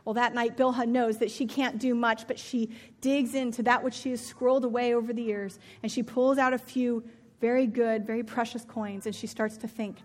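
A woman telling a story aloud in a lively, expressive way. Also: fairly high pitch, normal speed. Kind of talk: spoken storytelling.

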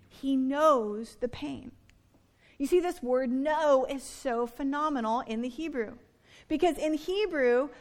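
A woman in her thirties, a pastor delivering an earnest sermon and slowing down to stress key words. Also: sits high.

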